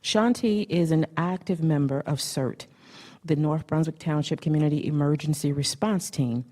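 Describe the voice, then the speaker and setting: Warm low-voiced woman reading a tribute. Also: normal speed. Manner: effusive, gets emotional near the end. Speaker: council member presenting an award. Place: council meeting chamber.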